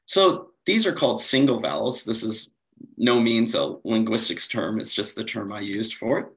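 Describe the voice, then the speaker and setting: Man, lowish voice, walking an audience through slides in a calm explanatory lecture. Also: moderate pace, vocal fry, rough recording. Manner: explanatory, steady, with fillers and self-corrections. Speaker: conference presenter.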